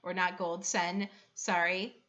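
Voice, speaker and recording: A woman's voice: on the low side, flat delivery, slow pace, sharp tone. A woman running a tabletop game as game master, chatty and giggly, explaining the rules step by step. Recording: dull lo-fi recording.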